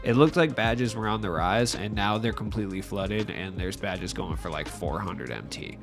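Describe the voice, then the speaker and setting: Stuffy-nosed young man, lively voice. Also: lowish voice, moderate pace, creaky, faint music behind. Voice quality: nasal. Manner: rambling and self-mocking, with frequent likes. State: stuffy nose from allergies. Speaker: gaming YouTuber. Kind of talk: casual gaming commentary. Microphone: voice-over without face cam.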